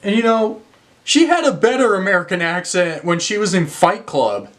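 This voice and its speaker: A man's voice: high voice, big pitch swings, normal speed, a bit bright. A young man reviewing films in a casual rant, exasperated, swearing and using lots of fillers. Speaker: movie reviewer.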